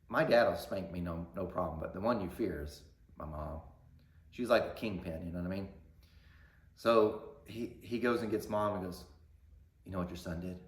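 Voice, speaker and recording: A man with a lowish voice tells a story straight to camera in a loose, rambling way, full of ums and side remarks. The sound is roomy, with a clear echo off the walls. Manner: conversational, rambling with fillers and asides. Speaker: YouTube channel host.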